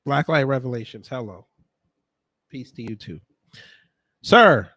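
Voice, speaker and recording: A man's voice: mid-range voice, expressive, measured pace, a bit bright, no room sound, studio quality. A man reacting to clips in casual commentary, sarcastic and exasperated, stammering through restarts. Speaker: commentary vlogger.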